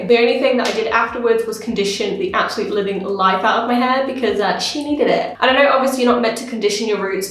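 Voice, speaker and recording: A young woman reviewing a hair product in a casual home vlog. She talks in a chatty, self-dramatizing way, with lots of filler words. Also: a little high. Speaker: beauty vlogger. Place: bathroom at home. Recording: very echoey bathroom.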